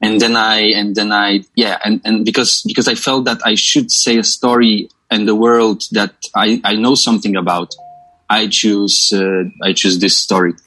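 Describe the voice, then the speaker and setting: A man's voice: on the low side, little pitch movement, moderate pace, pushed and bright, slightly rough, poor audio. A young Polish man, a film director, answering in English with a Polish accent, hesitant and full of uhs and repeated words.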